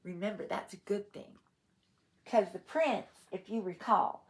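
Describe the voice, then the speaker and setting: A woman's voice: mid-range voice, measured pace. A woman reading a picture book aloud to children, adding playful asides and questions for her listeners. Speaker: storyteller. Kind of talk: read-aloud storytime for children.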